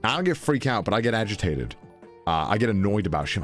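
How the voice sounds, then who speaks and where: Animated swearing British man telling a story. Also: quick pace, soft background music. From Britain. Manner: swearing, mimics voices, high-pitched exclamations. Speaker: podcast storyteller.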